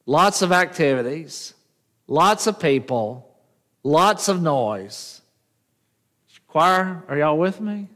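Slow-preaching pastor in echoey church. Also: male voice, on the high side, lively intonation, fairly bright tone. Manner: call-and-response, asks the congregation questions. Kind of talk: sermon. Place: church sanctuary.

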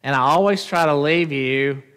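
A pastor speaks at normal speed in a fairly high, fairly bright voice with a clear, resonant tone. His sermon, recorded in an echoey church sanctuary, repeatedly asks the congregation questions and draws them into call-and-response.

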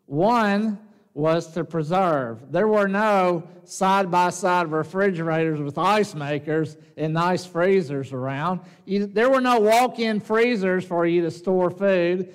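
A man with a Southern US accent preaching a sermon in a folksy, conversational way, with joking asides and slow, emphatic phrases. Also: high voice, clear, resonant tone, big-room sound. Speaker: pastor.

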